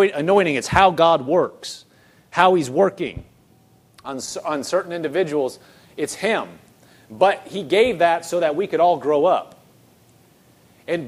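A man preaching a sermon, earnestly reading scripture and acting out people's inner thoughts. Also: a little high. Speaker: pastor.

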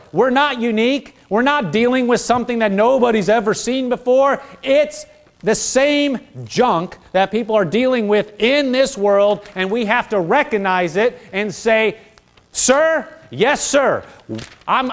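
A man's voice: very high voice, measured pace. A man preaching a sermon, asking the congregation questions and acting out humble prayers.

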